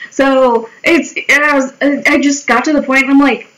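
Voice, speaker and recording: A woman's voice: high-pitched, fairly even intonation, normal speed, fairly bright tone, poor audio. Chatty, wry young woman. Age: 20s. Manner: chatty, wry, swears casually, jokey quoted voices. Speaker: vlogger. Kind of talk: casual storytelling while drawing.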